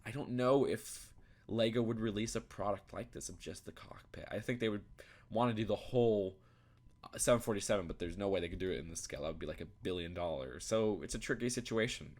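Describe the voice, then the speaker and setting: Young male reviewer, lowish voice, rambling, thinks aloud, restarts often. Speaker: YouTube reviewer. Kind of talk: casual commentary while browsing.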